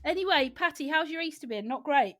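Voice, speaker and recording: A woman's voice: sits high, animated, fairly quick, faint music behind. A British woman co-hosting a podcast in casual chat, teasing and chummy, calling her sister pal and mate. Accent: British English. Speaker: podcast co-host.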